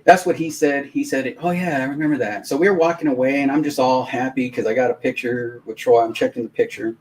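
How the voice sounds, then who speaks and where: A man hosting a live stream, telling a long, rambling anecdote in casual, animated talk with many restarts. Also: medium pitch, brisk, poor audio. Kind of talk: casual storytelling on a live watch-along stream.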